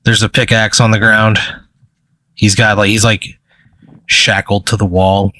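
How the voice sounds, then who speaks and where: A man's voice: on the low side, little pitch movement, a little slow, pushed and bright, dry recording, low-quality recording. A man acting as game master, narrating a hypothetical scene in a rambling, hesitant way full of fillers and restarts.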